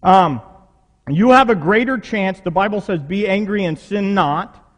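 A man's voice: high voice, a little slow. Guy preaching in church, chatty, asks the crowd questions, big hall reverb. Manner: conversational preaching with rhetorical questions. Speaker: pastor. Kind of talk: sermon.

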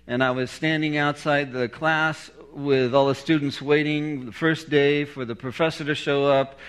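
A man's voice: on the high side, a bit bright. A middle-aged man preaching a sermon, telling a story with humor and laughing at his own jokes.

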